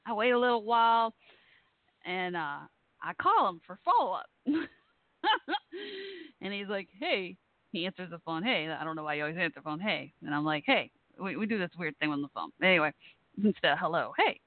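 A woman's voice: fairly low pitch, animated, normal speed, long pauses, no echo. A woman hosting a radio show, telling a teasing story in casual chat and laughing often. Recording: tinny phone-like sound, dry.

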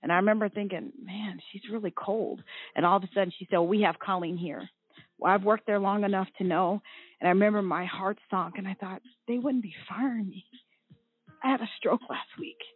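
A woman's voice: medium pitch, fairly quick, husky. A woman in her forties, a guest on a talk show, recounting a personal ordeal with strong emotion. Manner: emotional, tearful at times. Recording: tinny phone line.

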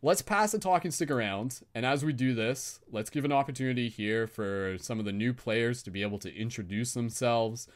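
A young man hosting a live stream, leading a slow guided visualization and then chatting casually, laughing at himself. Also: mid-range voice. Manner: laid-back, laughs at himself, drawn-out slow phrasing in guided parts. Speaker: host.

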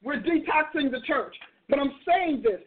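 A woman's voice: high-pitched, lively intonation, moderate pace. Blunt, emphatic woman preacher on a phone-like line. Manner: blunt, emphatic, exhorting, not soft-voiced. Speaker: talk show host and minister. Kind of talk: preaching call-in style talk. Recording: narrow phone-like audio.

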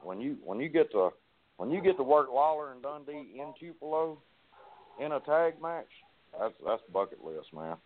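A man, a wrestling guest telling profane, animated stories and acting out the dialogue. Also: medium pitch, moderate pace. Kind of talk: casual storytelling on a podcast. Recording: tinny phone-like line.

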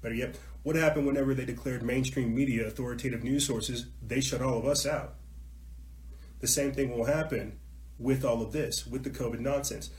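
A man's voice: medium pitch, fairly even intonation, normal speed. Ranting talk show host man in an echoey room. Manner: ranting, repetitive, swings from mutter to shouting. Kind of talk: heated monologue on a call-in show.

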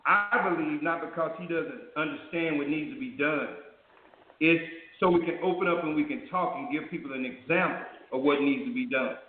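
A man with a high voice hosts a call-in talk show, laying out his points in a preacherly build with rhetorical questions. The sound is echoey and thin, as if heard over a phone line. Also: normal speed. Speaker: host. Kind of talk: talk radio commentary.

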